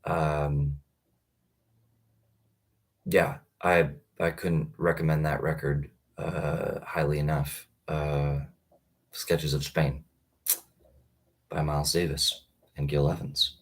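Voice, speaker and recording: Man, thirties, very deep voice, rambling, halting restarts, casual live stream. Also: flat delivery. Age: 30s. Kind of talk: casual livestream talk.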